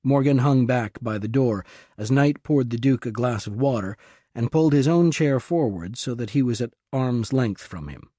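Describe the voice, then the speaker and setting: A man reading an audiobook thriller in calm, measured scripted narration. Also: mid-range voice, dry recording, studio quality.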